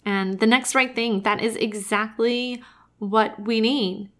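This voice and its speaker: A woman's voice: fairly high pitch, steady tone, takes it slowly, fairly bright tone. A woman, a cancer survivor, giving a heartfelt, emphatic casual monologue and often saying "y'all" and "oh my gosh.".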